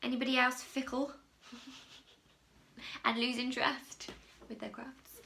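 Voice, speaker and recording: A woman from England chats casually to camera about her crochet projects. She rambles and pokes fun at herself. Her voice has a gravelly edge and a bright, forward tone. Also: on the high side, steady tone, unhurried, long pauses, slight background noise. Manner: chatty, rambling, self-mocking. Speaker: crochet podcast host.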